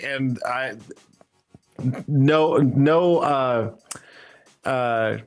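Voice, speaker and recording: A man's voice: mid-range voice, a little slow. A man hosting a casual livestream, chatty and easygoing, talking while reading viewers' comments. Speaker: host.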